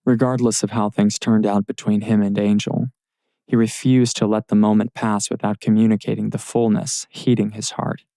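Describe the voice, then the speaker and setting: A man reading audiobook narration in a steady, measured way, recorded close in a studio booth. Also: lowish voice, gravelly, no echo.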